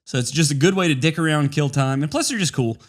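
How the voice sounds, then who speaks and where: A man's voice: a little high, fast. A man co-hosting a podcast, telling a joking story in crude casual chat and laughing often. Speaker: podcast co-host.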